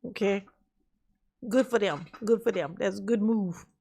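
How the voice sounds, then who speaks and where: A woman's voice: mid-range voice, a little slow, vocal fry, dark tone, husky. A woman hosting a reaction commentary, teasing and sassy, laughing often as she mocks what she watches. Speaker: commentary channel host.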